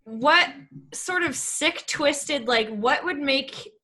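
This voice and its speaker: A woman co-hosting a podcast, chatting casually and reacting with giggles and animated comments. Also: high voice, slow pace. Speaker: podcast co-host. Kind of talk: casual chat.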